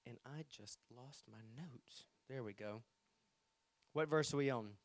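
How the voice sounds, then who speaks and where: A man's voice: medium pitch, measured pace, no echo. A man preaching a sermon to his congregation, reading scripture aloud and speaking to the people directly. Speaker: pastor. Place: church sanctuary.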